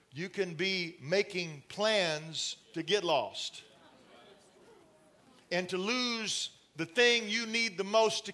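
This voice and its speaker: A middle-aged man preaches to a congregation, his voice sitting high for a man. He moves between stories, laughs and direct asides to the room, keeping the sermon chatty and personal. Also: a bit bright. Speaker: pastor. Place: church in front of a congregation.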